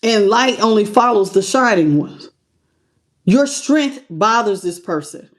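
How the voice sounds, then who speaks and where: A woman's voice: medium pitch, a little slow. A woman with a slight country twang, reading tarot on a live stream and greeting her viewers with pet names. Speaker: tarot reader.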